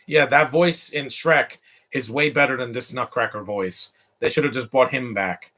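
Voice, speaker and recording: A man's voice: mid-range voice, normal speed, pushed and bright. A man giving casual, opinionated commentary while watching a movie, with chatty offhand asides. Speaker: movie reactor.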